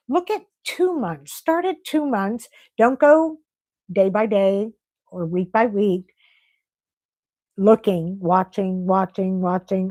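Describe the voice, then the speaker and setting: A middle-aged woman hosting a casual live stream, chatting and reading viewer comments aloud in an animated way. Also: on the high side, no room sound, low-quality recording. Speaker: livestream host.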